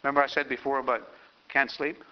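Older pastor preaching, muffled sound. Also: male voice, mid-range voice, flat delivery, brisk. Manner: storytelling, reads scripture aloud, emphatic. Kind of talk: sermon. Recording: dull lo-fi sound.

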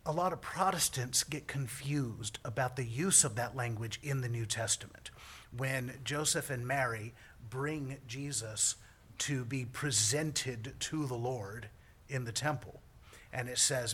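A man's voice: mid-range voice, a little slow, bright, forceful tone, slight background noise. A man preaching a sermon as a priest, joking with the congregation between points. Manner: joking, self-deprecating asides to the congregation.

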